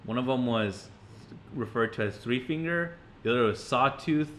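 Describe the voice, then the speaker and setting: Bright-voiced casual male podcaster. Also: medium pitch, normal speed, a little hiss or hum. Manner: animated, swearing, laughs often. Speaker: podcast co-host. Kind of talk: casual chat.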